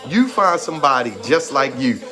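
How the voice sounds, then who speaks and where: A man's voice: mid-range voice, expressive, moderate pace. A man in his thirties giving an emphatic, repetitive motivational talk and holding back tears. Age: 30s. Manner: trying to hold back tears. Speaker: motivational speaker. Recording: music playing behind the voice. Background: music.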